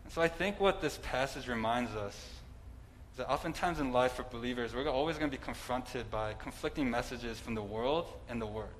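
A man's voice: medium pitch, moderate pace, slight background noise, poor audio. A man preaching a sermon in a conversational way, with asides and some humor.

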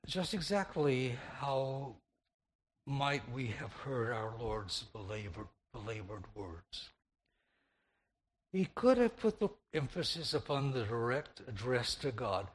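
A man preaching a slow, meditative sermon, repeating phrases and shifting the stress from word to word. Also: mid-range voice, sing-song.

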